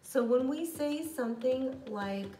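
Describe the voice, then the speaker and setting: A woman teaching a live online English grammar class, patient and encouraging, pausing to think while she writes examples. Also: high-pitched, expressive, dark tone, a little hiss or hum.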